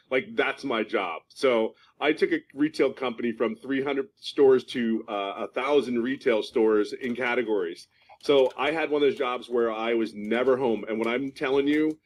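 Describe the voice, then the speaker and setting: A man in his fifties from California gives a fervent testimonial about his work life. He is emphatic, circling back and repeating phrases to drive them home. His voice sits at an ordinary middle pitch. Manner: emphatic, repeats himself for stress. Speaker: program member giving a testimonial. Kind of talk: passionate spoken testimonial.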